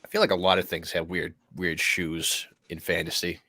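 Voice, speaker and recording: A man's voice: low voice, level tone, moderate pace, sharp tone, dry recording, studio quality. A man joking playfully in casual chat about games.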